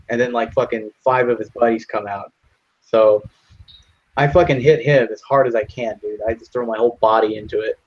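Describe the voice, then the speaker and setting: A man's voice: mid-range voice, steady tone, fairly quick, lo-fi sound. A young man telling a long profane story in casual voice chat, jumping into other people's voices for the quotes. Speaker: lobby chat regular.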